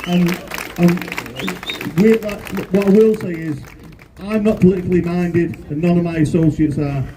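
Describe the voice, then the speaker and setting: A man's voice: high voice, steady tone, measured pace, dark tone, soft background music, some chatter behind. A man who is a local councillor, giving a short, earnest speech at a street protest. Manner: earnest, plain-spoken. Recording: distant outdoor mic.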